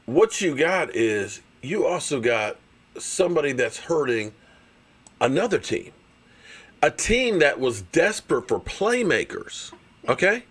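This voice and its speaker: Male sports stream host, argumentative and animated, lively delivery. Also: a little high, unhurried, husky. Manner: animated, argumentative, reads super chats. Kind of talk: live-streamed sports rant.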